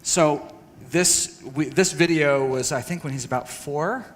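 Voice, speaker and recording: A man from Texas tells his family's story to a church audience in a candid, self-deprecating way, full of fillers and restarts. His voice sits a little high. The sound carries the long reverb of a large hall. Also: a little slow, slight background noise. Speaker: speaker at a church parenting session. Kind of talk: personal talk to an audience.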